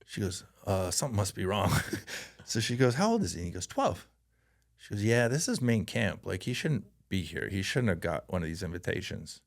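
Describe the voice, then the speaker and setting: A Canadian former hockey player swaps stories in a relaxed interview, his voice low, gravelly and brisk. He's lively, laughs a lot, and acts out other people's voices as he goes.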